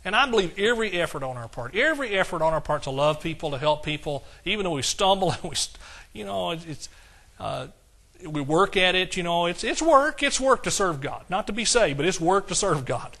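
An older man preaching with a high, bright voice. His delivery is fervent and emotional, and he keeps calling out to his congregation for responses. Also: animated, fairly quick. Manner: emotional, fervent preaching with audience call-outs. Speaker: pastor. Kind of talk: sermon.

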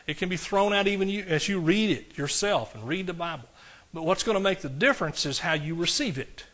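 A man preaching a sermon to a congregation, swinging between loud declarations and quiet asides and asking the crowd questions. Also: high-pitched, expressive, a little fast. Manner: talks directly to the congregation, asks questions. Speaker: pastor.

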